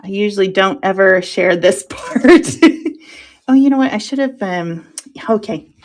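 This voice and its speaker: A woman's voice: medium pitch, expressive, unhurried. Chatty self-mocking woman crafting. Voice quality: drops into soft whispers while concentrating. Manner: chatty and self-mocking, talks to herself while working, laughs often. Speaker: crafter hosting a making show. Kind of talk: casual crafting chat.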